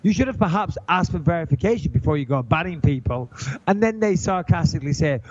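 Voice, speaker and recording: A man co-hosting a podcast, telling an animated, indignant story in casual chat. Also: fairly high pitch, fast. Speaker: podcast co-host. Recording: dull lo-fi podcast audio.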